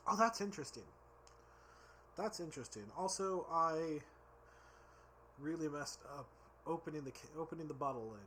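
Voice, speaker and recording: A tipsy man reviews drinks in a loose, rambling vlog. His voice is bright and sits a bit high, and he keeps tripping over his words. A faint hiss of noise sits under the recording. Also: moderate pace, pauses often.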